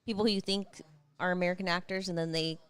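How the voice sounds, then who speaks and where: A woman's voice: lowish voice, steady tone, quick pace. A woman co-hosting a casual podcast, chatty and teasing as she reacts to a wrestling show. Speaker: podcast co-host. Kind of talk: casual chat watching wrestling.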